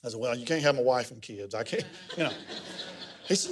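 Lively pastor preaching. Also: male voice, fast talker. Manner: folksy, conversational storytelling with lively pitch swings. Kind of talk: sermon.

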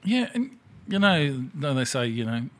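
A man's voice: medium pitch, big pitch swings, measured pace. Blunt man, swearing casually. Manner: blunt, swears freely, laughs at himself. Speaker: podcast host. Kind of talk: casual chat.

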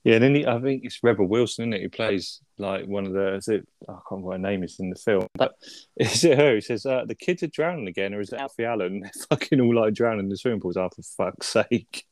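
A man's voice: fairly low pitch, fast, darkish tone, no room sound. A man co-hosting a casual film review, laid-back, swearing and tagging his lines with questions. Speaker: podcast co-host.

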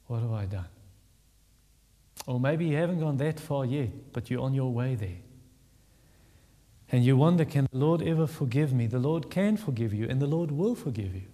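A pastor preaching a sermon, earnest and emphatic, repeating words for stress. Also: male voice, mid-range voice, mellow. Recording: long reverb of a large hall.

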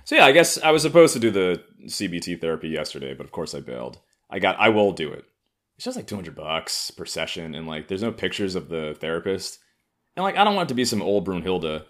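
A man's voice: low voice, sing-song, fast talker. Sarcastic, rambling young man. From United States. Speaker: solo vlogger. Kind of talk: casual comedic monologue.

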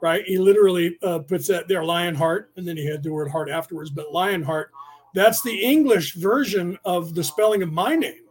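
During a casual livestream lecture, a podcast host teaching a class speaks in a high, husky, fairly bright voice. He rambles, repeats points, and spells out words letter by letter.

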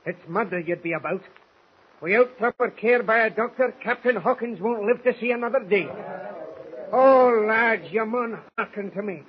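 An actor playing a loyal, stubborn Scottish sailor who pleads earnestly in broad dialect, in 1940s radio acting. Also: male voice, high voice, moderate pace, dull audio, lightly acted. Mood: pleading.

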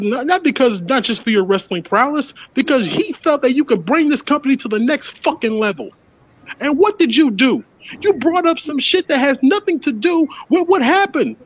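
A man's voice: very high voice, lo-fi sound. A man, a podcast co-host, delivering a heated, profane rant that accuses a wrestler directly. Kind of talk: ranting address to a wrestler.

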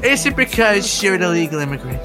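A man doing an impression of a brash, blustering older American president, talking loudly, bluntly and with lots of complaining. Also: sits high, very animated, fast talker, over music.

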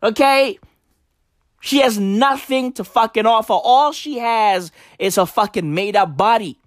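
Guy ranting slow and heavy, swears every other word, keeps repeating himself, dry close sound. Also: sits high, expressive, no echo. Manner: profane, repetitive fillers, emphatic. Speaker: vlogger. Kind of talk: ranting commentary.

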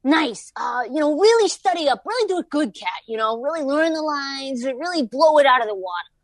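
A woman's voice: high-pitched, expressive, brisk, dry recording, pitched above the performer's own voice. A woman imitating her intense father, who gives pushy pep talks like a sports coach. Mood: pumped.

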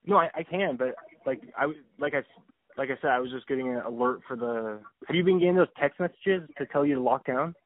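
A young man hosting a podcast over the phone, talking in an excitable, stammering way and laughing often. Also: mid-range voice, fast, no echo. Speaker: podcast host. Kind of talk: casual chat on a phone call. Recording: tinny phone line.

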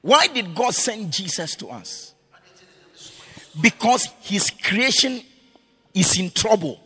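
A man preaching a sermon as pastor, swinging between loud shouted lines and quiet, low storytelling. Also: sing-song, takes it slowly, husky.

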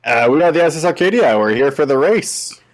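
A man playing a tabletop game who speaks in a plain, deadpan way while playing his character. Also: a little high, fairly quick, low-quality recording. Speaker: player. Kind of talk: casual tabletop game play.

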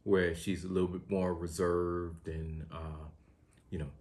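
A man in his thirties with a very deep voice co-hosts a casual podcast. He explains his points in a laid-back, teasing way. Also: flat delivery, a little slow, darkish tone. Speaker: podcast co-host. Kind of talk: casual chat.

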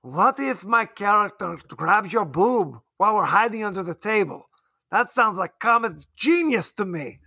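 A man's voice: high-pitched, expressive, moderate pace, creaky, pushed and bright, husky, no room sound, studio quality, exaggerated voice. A man putting on a leering male film director with a goofy mock accent that he keeps losing.

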